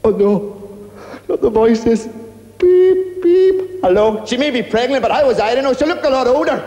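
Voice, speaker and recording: A manic sinner blurts out his confession in a comic babble. His voice sits high with a mellow edge. It echoes through a large hall. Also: a little fast. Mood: frantic. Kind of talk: 1980s TV sketch comedy.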